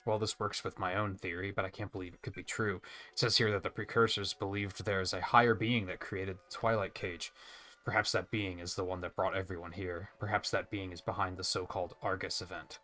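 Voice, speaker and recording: A man's voice: sits low, steady tone, a little fast, bright, forceful tone. A man reading aloud the lines of a weary exiled clan survivor in a video game, in a plain, thoughtful tone. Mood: reflective.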